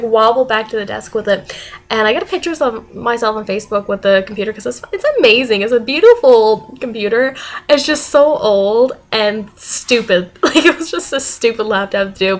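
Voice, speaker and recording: A young woman telling stories from her week in a casual vlog, animated and laughing often. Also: fairly high pitch. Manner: animated, laughing often, acting out quoted voices. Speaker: vlogger.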